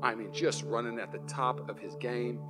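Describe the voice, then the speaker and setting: A male pastor preaching a live sermon in a church, telling a personal story in an animated way and acting out the scenes. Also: medium pitch, normal speed, music in the background. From Washington state, US. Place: church sanctuary, live service.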